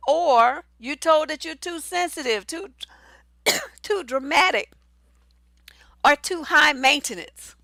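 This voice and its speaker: A middle-aged woman coaching on relationships, blunt and salty, swinging between storytelling and pointed advice. Her voice is bright and forceful and sits a little high. The recording is dry and close. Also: takes it slowly, gravelly, long pauses, no room sound. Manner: blunt, profane, animated and conversational. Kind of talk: candid personal storytelling and advice.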